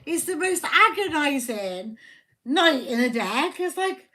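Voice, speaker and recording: A woman reads tarot live, talking in an unhurried, drawn-out way. Her voice sits high and bright, and her delivery is blunt, profane and joking. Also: very animated. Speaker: tarot reader. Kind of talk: casual live tarot reading. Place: home livestream.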